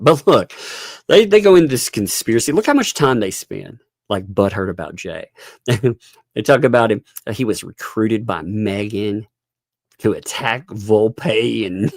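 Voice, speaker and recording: A man's voice: fairly low pitch, sing-song, measured pace, a little mellow, no room sound, clean studio sound. A man giving live-stream commentary, ranting and laughing as he mocks other streamers. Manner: laughing, mocking, exasperated rants.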